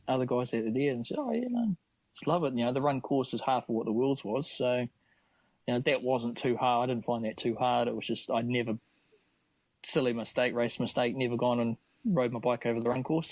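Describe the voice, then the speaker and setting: An easygoing man with a New Zealand accent talks in a relaxed, chatty way with a mid-range voice. The sound is dry and close. He often laughs between his thoughts. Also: medium pitch, a little fast, no echo, poor audio. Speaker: podcast guest, triathlete. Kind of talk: casual interview chat.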